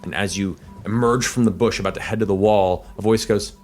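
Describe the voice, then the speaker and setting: A man narrating as game master of a tabletop game, in a measured, descriptive way with frequent fillers. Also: lowish voice, steady tone, darkish tone, soft background music.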